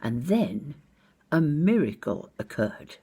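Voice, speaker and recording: Slow, gravelly older woman telling a story. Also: sits low, very animated, warm tone. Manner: precise, wry and well-spoken. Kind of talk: recounted personal anecdote.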